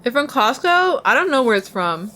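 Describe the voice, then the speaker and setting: A woman's voice: high voice, very animated, moderate pace, sharp tone, slight background noise. A young woman streamer chatting casually with her viewers, rambling and giggly, talking while she eats.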